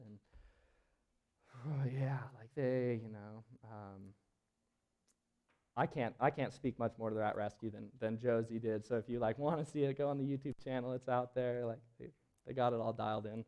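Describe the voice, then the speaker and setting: A man speaking at a middle pitch tells a story during a live presentation in an auditorium. He is a rescue team member and climber. His talk is casual and rambling, with constant fillers and restarts. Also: a little fast, mellow. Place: auditorium at a public event.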